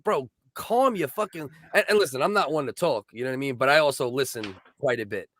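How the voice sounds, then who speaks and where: An adult married man co-hosts a comedy podcast in a mid-range, slightly bright voice, talking a little fast on clean, echo-free studio audio. Chatty and agreeable, he often tosses in "you know what I mean" as he works through ideas in casual chat.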